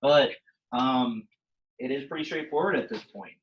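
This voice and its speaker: A young man teaching a Latin class in a relaxed, chatty way, with plenty of fillers. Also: mid-range voice, normal speed, creaky, highs cut off. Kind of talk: casual classroom lesson.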